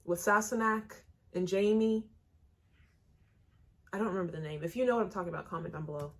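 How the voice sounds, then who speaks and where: A woman's voice: lowish voice, brisk. A young American woman hosting a reaction video, chatting casually and exclaiming questions aloud. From United States.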